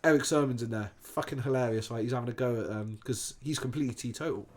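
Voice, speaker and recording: English man, sofa-chat guest, animated storyteller, swears a lot, mid-pitched voice. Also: fast talker. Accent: Bristol English. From England. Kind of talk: casual chat, storytelling anecdote.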